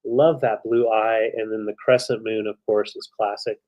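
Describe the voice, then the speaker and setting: A man co-hosting a live vintage sale, relaxed and enthusiastic as he describes each piece. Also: lowish voice, normal speed. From western United States. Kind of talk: live selling chat.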